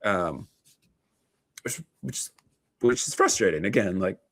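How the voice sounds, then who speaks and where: A man in his thirties talks loosely to camera, restarting sentences and dropping dry, wry asides. His voice sits on the low side. The sound is close and dry, with no room around it. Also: lively intonation, slow, a bit bright, husky, no room sound. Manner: conversational, frequent fillers and restarts, wry asides. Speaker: therapist and video host. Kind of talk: casual talking-head commentary.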